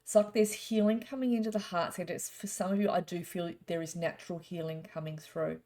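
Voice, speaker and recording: Woman, middle-aged psychic, low gravelly voice, chatty rambling card reading. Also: fairly even intonation, brisk. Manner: chatty, rambling, gently spiritual. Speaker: psychic reader. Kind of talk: casual storytelling and card reading.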